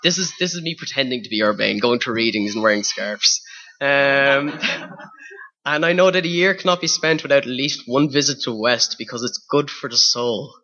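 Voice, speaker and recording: A man's voice: medium pitch, normal speed, sharp tone, highs cut off. A young man from Ireland with an Irish accent, reading a personal essay to an audience in a wry, self-mocking way with rhetorical questions. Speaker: spoken word performer.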